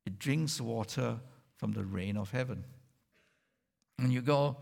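A man preaching a sermon in an animated way, putting questions to the congregation. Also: medium pitch, unhurried, creaky, long pauses. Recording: long hall reverb.

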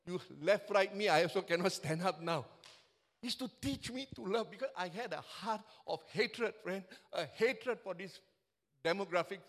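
A man's voice: high voice, moderate pace, a bit bright. A man in his seventies with a Singaporean English accent, preaching a fervent, passionate sermon to a church as pastor. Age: 70s.

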